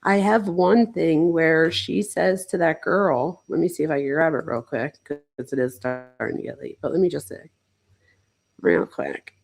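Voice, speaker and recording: Female host, psychologist, casual stream talk, rough fry in a lowish voice, rambling. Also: measured pace, darkish tone. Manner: chatty and loose, with many "like"s and self-interruptions. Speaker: psychologist hosting a true-crime livestream. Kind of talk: casual livestream commentary.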